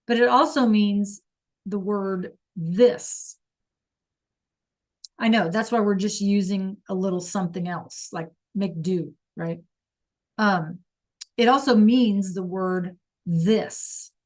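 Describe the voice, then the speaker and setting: A woman teaching a class over a video call, explaining slowly and patiently and checking in with "okay?" all the time. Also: medium pitch. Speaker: Spanish teacher.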